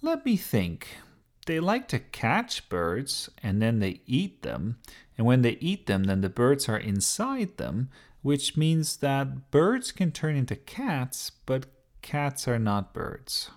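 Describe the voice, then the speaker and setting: A man voicing an excited, curious young girl in a children's story, speaking in a raised, eager voice. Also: takes it slowly. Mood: explaining. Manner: eager, explaining, raised pitch. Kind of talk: storybook character voice.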